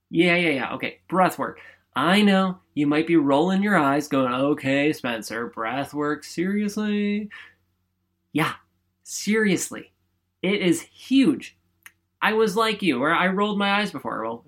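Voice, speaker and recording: A man's voice: sits high, fairly bright tone. A man hosting a podcast alone, giving an upbeat motivational talk in a chatty, emphatic way and often asking "right?". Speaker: podcast host. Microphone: studio microphone.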